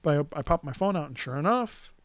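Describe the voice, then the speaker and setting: Animated man rambling through a story. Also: on the high side, fast, no echo. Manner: rambling, animated storytelling with restarts and acted-out quotes. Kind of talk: casual chat.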